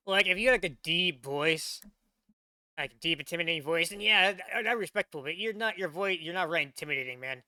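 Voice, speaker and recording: A man's voice: sits high, lively intonation, normal speed, pauses often, pushed and bright, no room sound. A young man hosting a casual reaction stream, rambling with many fillers and laughs into a desk mic. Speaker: VTuber reaction host.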